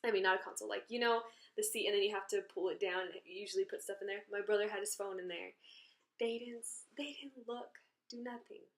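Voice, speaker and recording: A woman casually telling a story about something that happened to her, in an indignant, animated way. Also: medium pitch, quick pace. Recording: roomy echo.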